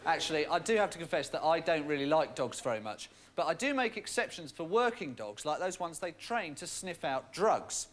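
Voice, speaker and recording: A man's voice: on the high side, very animated, normal speed, hardly any pauses, background noise. A man doing a dry, mocking stand-up monologue. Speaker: comedian.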